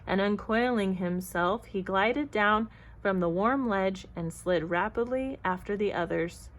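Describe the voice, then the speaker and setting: A woman reading a children's picture book aloud in an expressive, even-paced narration. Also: medium pitch, unhurried, rough recording. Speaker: storyteller. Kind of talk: storybook read-aloud.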